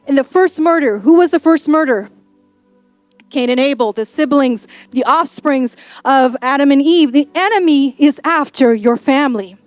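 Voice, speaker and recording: A woman pastor preaching a sermon in a playful, animated storytelling manner. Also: high-pitched, no room sound. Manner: sassy and emphatic.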